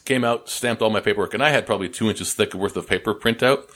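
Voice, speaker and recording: A Canadian man chatting casually, telling rambling stories and getting animated when he quotes other people. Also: on the low side, fast talker. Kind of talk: casual chat.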